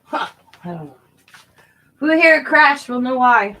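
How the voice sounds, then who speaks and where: A woman's voice: high-pitched, animated, unhurried, bright, forceful tone, a little hiss or hum, rough recording. A middle-aged woman hosting a crafting video, chatting casually as she works and laughing often while she tells stories. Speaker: crafting channel host.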